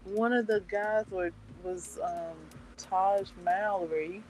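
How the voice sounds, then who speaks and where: A woman's voice: mid-range voice, steady tone, slow, a little mellow, a little hiss or hum, low-quality recording. A woman hosting her channel, chatting casually in a meandering, hesitant way with many fillers and restarts. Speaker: book club channel host. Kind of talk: casual chat.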